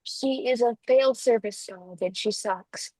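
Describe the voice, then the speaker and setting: A woman's voice: a little high, measured pace, mellow, dry recording, rough recording. A woman on a video call telling a casual story about her dog in a wry, offhand way. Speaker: workshop participant.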